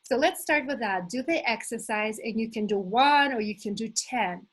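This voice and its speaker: A middle-aged woman leading a live motivational workshop as a coach, enthusiastic and animated, talking to her listeners as "you guys". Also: fairly high pitch, normal speed, husky, rough recording. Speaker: manifestation coach hosting an online challenge.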